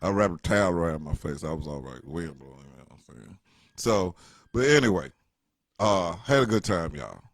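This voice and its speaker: A man's voice: low voice, lively intonation, moderate pace, no echo, clean studio sound. A middle-aged man telling a rambling, joking story in casual slang. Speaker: vlogger.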